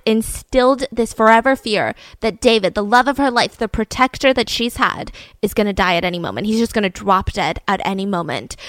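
A woman telling a story in a chatty, animated way, full of asides. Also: on the high side, no room sound. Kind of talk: casual storytelling.

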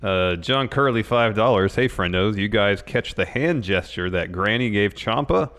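A man's voice: lowish voice, lively intonation, moderate pace, a bit bright. A man co-hosting a podcast, chatting casually and teasing his partner dryly. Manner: dry, teasing, reads out viewer messages. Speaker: podcast co-host.

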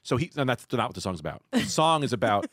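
A man in his thirties chats on a podcast, telling stories in an animated way that breaks into laughter and swearing. His pitch rises and falls a lot as he talks. The sound is dry and close, with no room echo. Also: fast. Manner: animated, laughing storyteller who swears freely. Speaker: podcast host. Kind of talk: casual chat.

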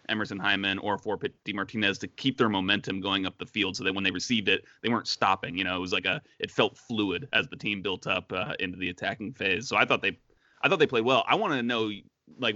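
A man's voice: on the low side, bright, forceful tone, dry recording, highs cut off. A man co-hosting a casual sports podcast, chatty, with many fillers and restarts. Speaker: podcast co-host.

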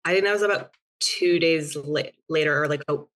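Young woman, very low pitch, hesitant filler-heavy storyteller, casual chat. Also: fairly quick, a bit bright. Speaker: podcast guest telling a dating story.

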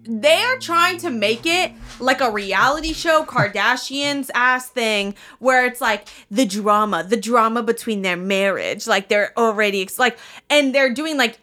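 A woman's voice: fairly high pitch, sharp tone. A young woman, co-host of a podcast, talking in blunt casual chat, swearing and ranting.

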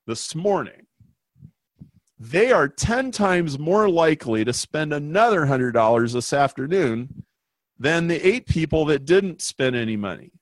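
A man telling an anecdote in a lively, conversational way, acting out the voices of the people in it as a guest explaining marketing. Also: fairly high pitch, no room sound. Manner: animated, acts out quoted voices. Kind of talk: conversational storytelling.

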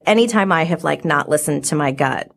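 Gravelly low-voiced woman telling stories. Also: lively intonation, brisk. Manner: chatty storyteller, many "like" fillers. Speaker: podcast guest. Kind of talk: casual chat.

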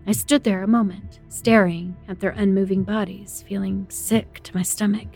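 A woman's voice: mid-range voice, fairly even intonation, normal speed, creaky, darkish tone, faint music behind. A woman narrating a first-person horror story in a tense, dramatic way.

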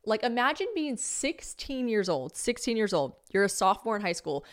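A woman's voice: on the high side, big pitch swings, normal speed. A woman in her twenties from the United States, hosting a solo podcast and telling stories casually, swearing freely and acting out other people's lines. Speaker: podcast host.

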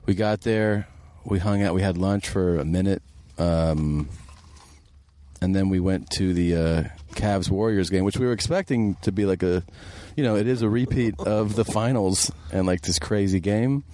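A man with an American accent, a comedian guest, telling stories in relaxed casual chat. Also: low voice, moderate pace, a little hiss or hum.

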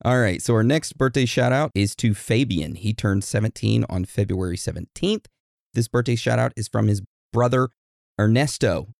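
A man's voice: on the low side, moderate pace, gravelly, darkish tone, dry recording, clean studio sound. A man co-hosting a podcast in casual chat, laid-back and joking. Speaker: podcast co-host.

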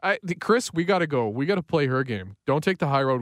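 A man's voice: fairly high pitch, expressive, fast. A man co-hosting a casual chat show, wisecracking and joshing his co-hosts. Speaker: podcast co-host.

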